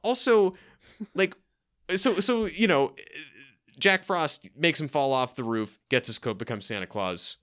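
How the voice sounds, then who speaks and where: A man's voice: on the high side, animated, measured pace, pushed and bright. A man co-hosting a casual movie podcast, joking and rambling with many restarts. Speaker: podcast co-host. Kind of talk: casual movie-review chat.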